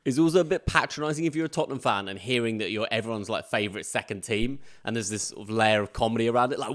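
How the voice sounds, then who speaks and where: A man's voice: medium pitch, very fast, few pauses. A man co-hosting a casual sports podcast, playing devil's advocate with a wry, teasing edge. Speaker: podcast co-host.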